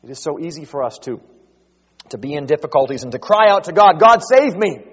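A man preaching a sermon, rising to loud, drawn-out emphasis as he quotes scripture. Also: on the high side, lively intonation, husky, long reverb tail, highs cut off. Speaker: pastor.

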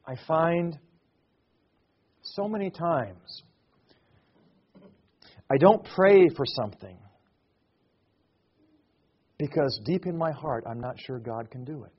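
A middle-aged male pastor preaching a sermon, rising to loud emphatic declarations and dropping to soft, hushed reflection. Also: a little high, takes it slowly, long pauses, slightly rough, dull audio.

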